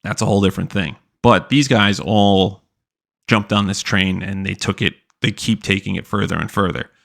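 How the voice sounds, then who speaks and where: Brief: young male podcast host, low and gravelly, loose profane rant. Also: fairly even intonation, moderate pace, a bit bright. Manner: loose, profane, lots of "like" fillers. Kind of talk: casual commentary rant.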